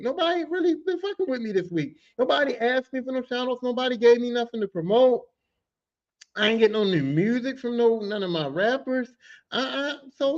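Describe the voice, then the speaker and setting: A man hosting a podcast, telling a work story in a loose, profane, animated way. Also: very high-pitched. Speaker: podcast host and work-site boss. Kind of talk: casual storytelling. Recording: dull lo-fi audio.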